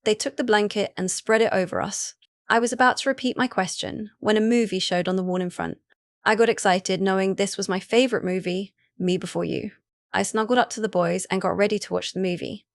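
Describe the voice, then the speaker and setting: A woman narrating a first-person audiobook in an even, steady reading. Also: medium pitch, a little fast, dry recording, clean studio sound.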